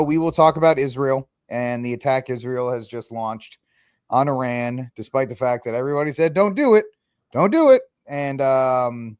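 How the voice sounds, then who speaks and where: A man's voice: medium pitch, clean tone. A man hosting a casual talk show with a mid-range voice, joking and wandering off on tangents. The sound is close and dry with no room echo. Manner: joking, rambling, laughs often. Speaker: show host. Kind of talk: casual podcast chat.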